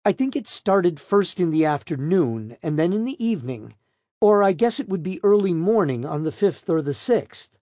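A man's voice: high-pitched, big pitch swings, moderate pace, warm tone, no echo, clean studio sound, pitched above the performer's own voice. A man voicing a defensive young woman on the witness stand, giving curt, evasive answers in an audiobook reading. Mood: guarded.

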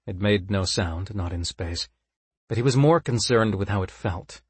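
Husky low-voiced male story narrator. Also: moderate pace, no room sound.

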